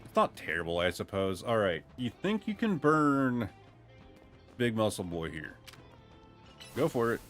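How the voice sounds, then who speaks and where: A gaming streamer from Ohio chats casually over his gameplay, speaking unhurriedly with long pauses. His lively voice jumps up and down and bursts out excitedly when things go his way, with faint music behind him.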